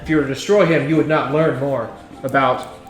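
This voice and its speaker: A man's voice: medium pitch, steady tone, brisk, natural voice. A man voicing a lofty, formal heroine pleading for reason. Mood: earnest pleading. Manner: formal, lofty persuasive speech. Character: earnest female speedster hero, formal and reasoning. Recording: roomy echo, faint music.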